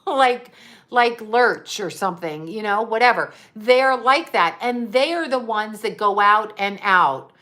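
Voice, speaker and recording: A woman's voice: on the high side, fairly bright tone. A woman working as a psychic medium, chatting casually on a livestream, rambling and laughing as she answers viewers. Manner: rambling, chatty, laughs often, reads viewer comments aloud.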